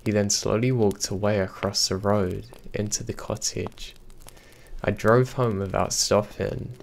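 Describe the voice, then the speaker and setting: A man reading true scary stories aloud in a steady, even storytelling delivery. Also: on the low side, a little slow, vocal fry, slight background noise. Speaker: horror story narrator. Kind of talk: scripted narration.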